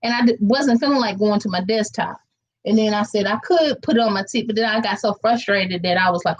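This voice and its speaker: A woman's voice: fairly high pitch, moderate pace, darkish tone, slightly rough, muffled recording. A chatty woman, rambling casually to viewers while she cooks in her kitchen. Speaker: vlogger cooking live. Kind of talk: casual live-stream chat. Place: home kitchen.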